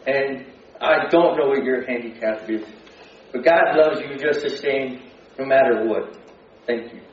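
A man's voice: medium pitch, measured pace, slight background noise. A man telling a personal testimony in church, earnest and building with emotion. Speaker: speaker giving a testimony. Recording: distant, dull sound in a very echoey hall.

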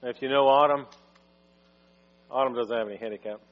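A pastor speaking thankfully and leading a prayer in church. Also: male voice, medium pitch, fairly even intonation, fairly quick. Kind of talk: sermon with prayer. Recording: dull sound with mains hum.

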